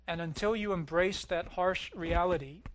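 A man preaching a sermon as pastor, swelling loud on key lines and dropping low and quiet at others. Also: normal speed.

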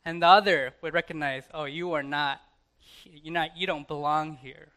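Bright, crisp-voiced American preacher. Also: male voice, a little high, fairly even intonation. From United States. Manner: conversational preaching with dramatic pauses and soft asides. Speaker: pastor. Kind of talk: sermon. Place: church.

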